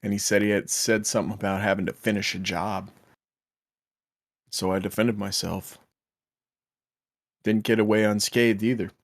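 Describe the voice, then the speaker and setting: A man's voice: on the low side, level tone, moderate pace, pauses often, no room sound, studio quality, natural voice. A man voicing a wary, streetwise male smuggler who talks plainly and defensively. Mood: guarded.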